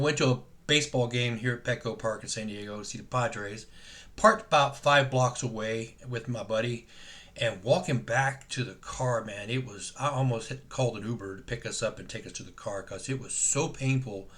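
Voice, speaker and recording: Guy rambling about his week on a home vlog, um-ing and restarting a lot, mid pitch. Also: a bit bright. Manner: conversational, halting, many fillers and restarts. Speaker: patient keeping a video journal. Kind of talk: rambling personal vlog story. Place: at home in San Diego.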